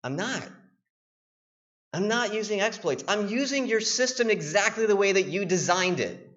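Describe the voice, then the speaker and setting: A young man with a fairly high voice tells animated, joking stories from the stage of a tech conference. He talks casually and slips into little acted voices. The recording is dull and lo-fi. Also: normal speed. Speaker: penetration tester giving a conference talk. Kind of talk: casual, storytelling conference talk. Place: conference room.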